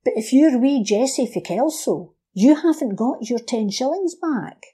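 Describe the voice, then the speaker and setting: Mellow-voiced woman telling history. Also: high-pitched, a little slow, breathy edge. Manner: lively storyteller who acts out quoted voices. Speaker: guest explaining history. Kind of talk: casual history podcast chat.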